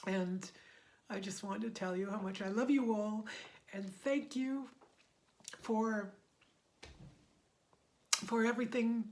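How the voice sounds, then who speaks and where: A woman's voice: mid-range voice, takes it slowly, pauses often, darkish tone. A middle-aged woman instructor gives a heartfelt personal testimony to her community, her voice often wavering near tears. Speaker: meditation method instructor.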